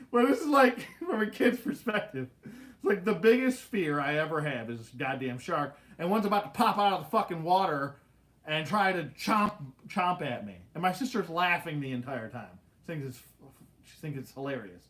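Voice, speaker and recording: Livestream host, male, slightly raised pitch, lively casual storyteller who laughs and swears. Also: normal speed. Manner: animated, laughing, swearing, acts out quotes.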